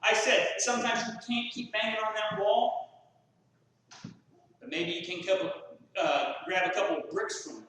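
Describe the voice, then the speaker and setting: High bright male pastor in echoey hall. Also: fairly even intonation, normal speed, pauses often. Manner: folksy, acts out quoted voices. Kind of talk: sermon. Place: small church sanctuary. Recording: echoey church hall from far off.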